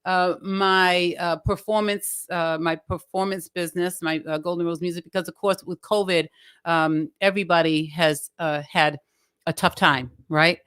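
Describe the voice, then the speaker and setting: A woman singer answering interview questions in a relaxed way, with lots of fillers and pauses as she searches for words. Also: on the low side, clear, resonant tone, no echo, studio quality. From Cape Verdean community, New Bedford area. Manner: many fillers, searching for words, quick laughs. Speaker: singer and entertainer, interview guest.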